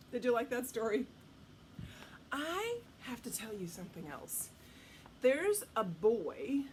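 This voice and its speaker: Animated woman reading a storybook to kids. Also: medium pitch, a little hiss or hum. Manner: animated, asks the listener questions. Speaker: storytime reader. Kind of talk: read-aloud storytime for children.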